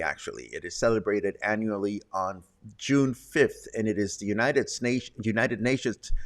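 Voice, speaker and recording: A man hosting a casual local news and weather roundup, chatty, with wry asides. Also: mid-range voice. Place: Puerto Vallarta, Mexico.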